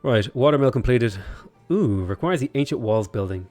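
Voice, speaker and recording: A man's voice: mid-range voice, expressive, moderate pace, darkish tone, faint music behind. A young man streaming a strategy game, chatting casually in a rambling, joking way. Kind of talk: casual livestream commentary.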